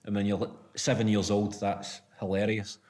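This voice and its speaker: A man's voice: lowish voice, completely flat delivery, normal speed, background noise. A Scottish man with a Glaswegian accent, a comedian guest in casual, laid-back comedic chat, laughing often. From Scotland.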